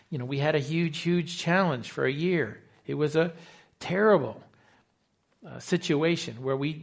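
Male pastor, slightly high voice, lively sermon delivery that acts out quotes. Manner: animated preaching, acts out quoted dialogue.

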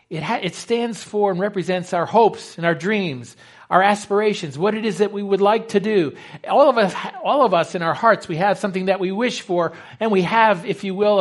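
Male pastor, slightly high voice, lively sermon delivery that acts out quotes. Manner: animated preaching, acts out quoted dialogue.

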